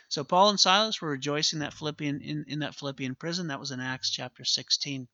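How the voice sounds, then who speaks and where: A man's voice: fairly high pitch, brisk, few pauses, pushed and bright, no room sound, highs cut off. A man preaching a sermon as a pastor, earnest and emphatic, repeating his key phrases for weight.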